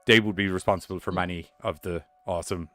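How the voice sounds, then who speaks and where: A man's voice: deep voice, steady tone, quick pace, sharp tone, no echo, faint music behind. A man hosting a podcast, reading horror news headlines with rambling, sweary, jokey asides.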